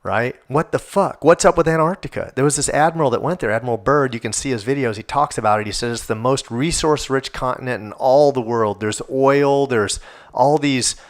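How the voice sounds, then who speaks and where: This man hosts a casual solo podcast in a mid-range voice, talking briskly. He rambles, gets animated, and curses more as he works himself up.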